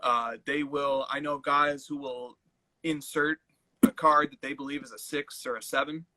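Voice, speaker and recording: A man's voice: on the high side, steady tone, moderate pace, bright, forceful tone, no room sound, low-quality recording. A man co-hosting a casual live-stream chat, thoughtful and easygoing. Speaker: co-host.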